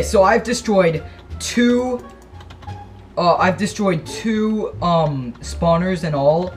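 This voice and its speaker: A young man giving casual, excitable commentary over his own gameplay, gasping and yelping when startled. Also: on the high side. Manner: jumpy, excitable, yelps and gasps when startled. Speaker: gaming channel host.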